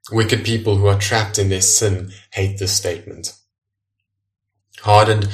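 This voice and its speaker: A man preaching an earnest, measured sermon as pastor, slowing down to stress key phrases. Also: fairly low pitch, distant mic.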